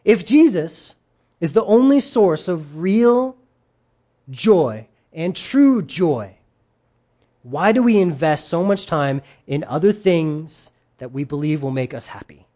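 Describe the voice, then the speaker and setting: A preacher giving a sermon in a lively way, with joking asides and quotes acted out in put-on voices. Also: medium pitch, takes it slowly.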